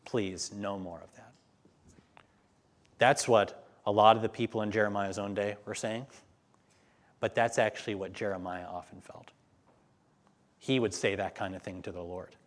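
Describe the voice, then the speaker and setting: A man's voice: fairly low pitch, little pitch movement. Man preaching and reading scripture aloud. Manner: reads scripture slowly and emphatically, then talks plainly to the congregation.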